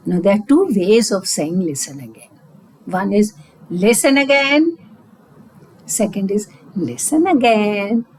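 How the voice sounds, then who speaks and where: A woman's voice: mid-range voice, darkish tone, a little hiss or hum, poor audio. A middle-aged woman from India with an Indian English accent, teaching parents as an auditory-verbal therapist and acting out words and phrases for them to model. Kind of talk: instructional talk to parents.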